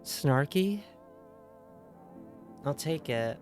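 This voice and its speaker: Slow-talking chatty woman streamer. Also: deep voice, lively intonation, a little mellow, faint music behind. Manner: chatty, asks chat lots of questions. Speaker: game streamer. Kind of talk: casual livestream chat.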